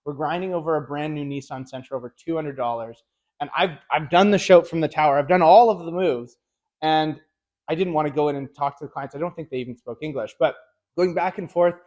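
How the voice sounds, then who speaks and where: A middle-aged man with a slightly raised pitch teaches car sales in a casual, lively way. He tells stories and acts out dealership dialogue as he goes. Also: fairly quick. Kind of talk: casual instructional talk.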